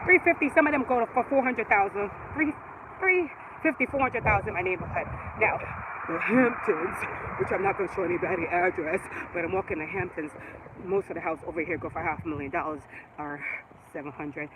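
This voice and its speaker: A woman in her forties with a Jamaican accent and a lowish, brisk voice walks along a residential street while live streaming. She chats casually, rambles, and laughs often, with outdoor street noise and passing traffic in the background.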